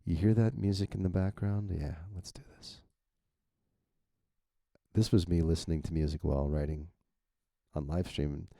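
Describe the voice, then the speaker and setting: A man's voice: low-pitched, fairly even intonation, normal speed, creaky, long pauses, dark tone, no room sound, studio quality. A novelist thinking aloud in a rambling, casual way as he edits his manuscript, swearing freely and chuckling at himself. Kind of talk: thinking-aloud editing walkthrough.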